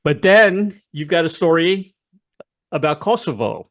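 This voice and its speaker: Man, interview host, video call, high voice, very lively pitch. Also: measured pace. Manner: laughs often, brief reactions. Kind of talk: casual interview chat.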